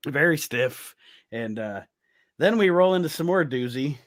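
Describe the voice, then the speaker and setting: A man's voice: a little high, expressive, measured pace. A man co-hosting a podcast, easygoing in casual chat, laughing along and swearing now and then. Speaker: podcast co-host.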